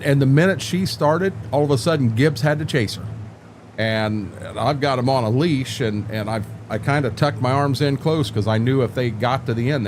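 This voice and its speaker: Older male streamer, folksy rambler, mid-pitched voice, faint background noise. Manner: rambling, folksy, joking, repeats words. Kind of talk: casual live-stream chat with viewers.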